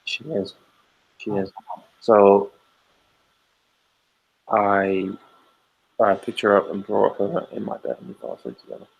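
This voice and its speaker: A man's voice: lowish voice, unhurried, vocal fry, pauses often, highs cut off. A man in his thirties, a podcast co-host, telling stories in casual chat and acting out quoted lines. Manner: animated storyteller, acts out quoted lines loudly.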